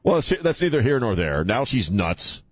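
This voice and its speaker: A man's voice: mid-range voice, very animated, normal speed, breathy edge, no room sound. A man hosting call-in talk radio from a studio, with mocking, irreverent banter and frequent laughs. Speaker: radio talk show host. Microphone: studio microphone.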